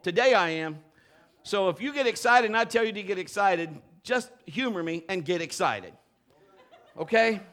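A man pastor preaching a lively live sermon, urging his congregation to join in. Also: high voice, normal speed. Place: church sanctuary with a congregation.

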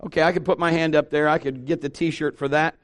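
A man's voice: a little high, fairly even intonation, fast talker. A middle-aged man preaching a sermon in church, conversational and joking, with asides to the congregation. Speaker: pastor. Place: church sanctuary.

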